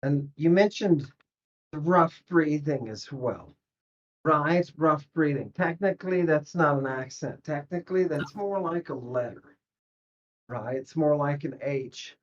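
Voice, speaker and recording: A woman's voice: deep voice, a little slow. A woman teaching a language lesson online, talking in an encouraging, emphatic way as she coaches a student. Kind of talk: online tutoring session. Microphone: video call. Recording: muffled video call audio.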